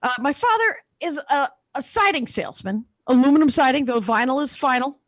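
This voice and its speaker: A woman comedian talks through a stand-up set from home over a video call, with a high voice that swings up and down. She chats, digresses and mocks herself as she goes. The sound is dry and close with no room echo. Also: animated, brisk. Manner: chatty, digressive, self-mocking storyteller.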